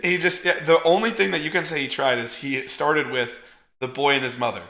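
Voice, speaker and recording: A man co-hosts a casual movie review chat with a bright, forceful voice. He talks in an animated, profane way and acts out character lines mid-sentence. The sound bounces around an echoey room. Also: a little high, fairly quick. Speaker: podcast co-host.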